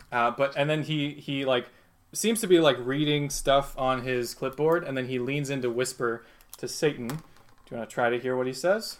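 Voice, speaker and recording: A man's voice: medium pitch, moderate pace. Laughing casual male game master. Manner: casual, laughing, many fillers. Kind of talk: narrating a tabletop game.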